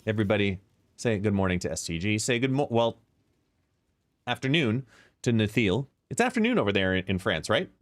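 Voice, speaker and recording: A man's voice: fairly low pitch, very animated, fairly quick, no echo, clean studio sound. A man streaming a card game live, explaining plays and chatting as he greets viewers by name. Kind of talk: live gameplay commentary and chat. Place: home, seated.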